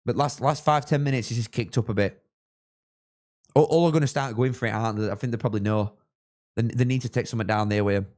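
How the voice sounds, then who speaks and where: A man's voice: medium pitch, quick pace. Chatty young man streaming. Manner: chatty, rambling, bursts into excited shouts at chances. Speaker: streamer hosting a live football watchalong. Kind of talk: casual live-stream chat with match reactions.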